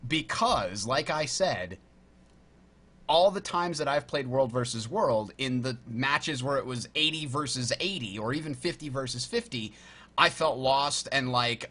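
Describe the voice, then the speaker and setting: Male podcast host, bright tone, lively casual chat. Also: mid-range voice, moderate pace. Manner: animated, acts out his own reactions.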